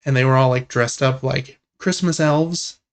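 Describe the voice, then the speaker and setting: A young man with a gravelly edge to his voice, pitched in the ordinary middle, co-hosting a casual games podcast. He rambles happily, circling back with filler words, and lights up when a favorite game comes up. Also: normal speed. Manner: relaxed, rambling, enthusiastic about games. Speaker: podcast co-host. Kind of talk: casual gaming podcast chat.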